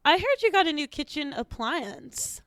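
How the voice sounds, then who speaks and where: A woman hosting a comedy podcast as a sixteen-year-old talk show host, telling deadpan jokes with a bratty teen attitude. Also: sits high, moderate pace, no room sound, studio quality.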